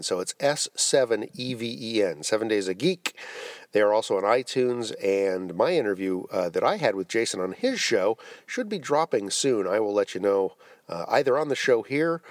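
A man's voice: mid-range voice, dry recording, studio quality. Chatty podcast host man. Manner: chatty, spells out web addresses. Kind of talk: reading show announcements.

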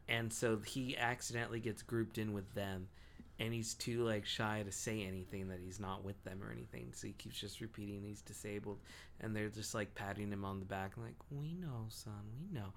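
Gravelly, profane young man chatting. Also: lowish voice, a bit bright, a little hiss or hum. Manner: profane, rambling storyteller. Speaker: podcast co-host. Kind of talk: casual chat.

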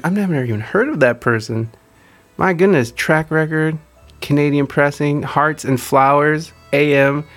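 A man hosting a podcast livestream, chatting casually and rambling, with frequent laughs. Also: fairly high pitch. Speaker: podcast host.

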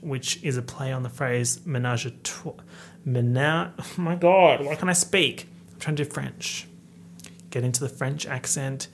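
A man in his late twenties hosting a casual lyric breakdown, excitable, breaking into sudden outbursts and whispered asides. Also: medium pitch, slight background noise. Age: late 20s. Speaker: host.

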